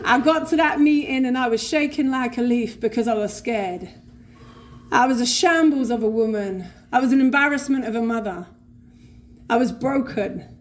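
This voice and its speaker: At a convention, in front of an audience, a London woman tells her personal recovery story live, with free swearing and acted-out voices for the other people involved. She speaks at a moderate pace in a fairly high pitch.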